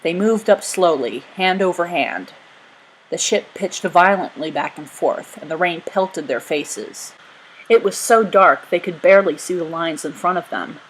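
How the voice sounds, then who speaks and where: A woman narrating a chapter book aloud in a steady, expressive reading voice. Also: fairly low pitch, measured pace, a little hiss or hum, poor audio. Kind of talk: storybook read-aloud.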